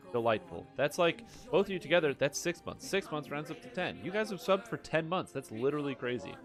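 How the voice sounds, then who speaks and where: A man's voice: fairly high pitch, big pitch swings, fairly quick, hardly any pauses, faint music behind. A man streaming a game, chatting casually, joking around and answering his chat in a rambling way. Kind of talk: casual gameplay commentary.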